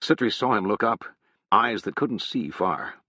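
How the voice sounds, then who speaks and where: Low-voiced man reading an audiobook. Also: expressive, a little slow, sharp tone, no echo. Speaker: audiobook narrator. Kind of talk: scripted narration. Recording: dull, dry sound.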